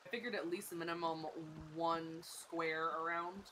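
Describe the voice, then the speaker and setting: Laid-back woman co-streamer, lowish voice. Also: normal speed, a little hiss or hum. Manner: relaxed, jokey, says "like" a lot. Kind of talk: casual gameplay chat.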